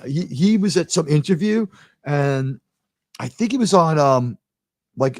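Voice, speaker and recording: An American man hosting a live talk show, telling stories in a rambling, animated way with lots of fillers. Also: medium pitch, no echo, clean studio sound. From United States. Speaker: host.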